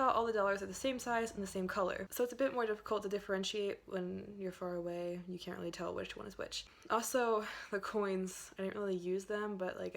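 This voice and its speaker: A young woman from Pennsylvania, chatting to her viewers in a loose vlog. She rambles from point to point and leans on fillers and hedges. Her voice sits at a middling pitch. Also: fairly bright tone. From Pennsylvania, USA. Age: young adult. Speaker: vlogger. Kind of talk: casual vlog chat.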